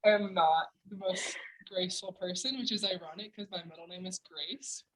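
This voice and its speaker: A young woman from Oregon, a college basketball player, talking softly and self-deprecatingly in a casual video-call interview. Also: on the low side, fairly even intonation, moderate pace, rough recording. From Oregon, USA. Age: young adult. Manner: soft-spoken, self-deprecating.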